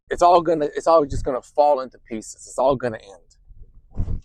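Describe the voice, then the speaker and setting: On his podcast, a male therapist walks through ideas in a casual, conversational manner, often tossing in "right?" to check in. He speaks at a normal speed in a fairly high voice, with no echo on the recording, and his delivery softens and quiets when the topic turns to intuition.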